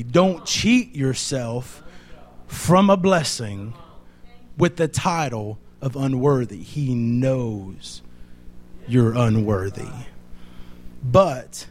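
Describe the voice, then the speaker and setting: A man's voice: medium pitch, a little mellow. A man preaching a sermon, emphatic and full of repeated rhetorical questions.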